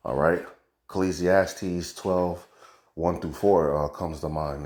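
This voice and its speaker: Man, deep, casual street-slang commentator with a preacher's bent. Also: steady tone, slow, a little mellow. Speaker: religious commentator. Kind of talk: casual commentary on news and prophecy.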